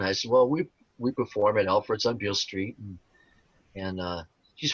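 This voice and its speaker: Older guy rambling through stories, lots of uhs, lowish voice, kinda muffled recording. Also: normal speed, bright, forceful tone, breathy edge, no echo. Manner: rambling, many fillers and restarts. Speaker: interview guest, tribute performer. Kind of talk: casual storytelling interview. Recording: dull lo-fi sound.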